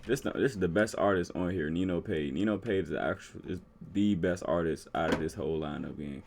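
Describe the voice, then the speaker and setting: Slangy, low-voiced reaction host. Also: male voice, fairly quick, vocal fry, background noise. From Washington DC area. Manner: slangy, offhand, talks back to the video. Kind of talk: casual reaction commentary.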